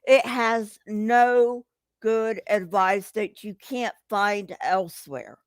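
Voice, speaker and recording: Reading her chat on a casual livestream, a woman gets emphatic, profane, and agitated. She speaks slowly in a mid-range voice, and there's no echo.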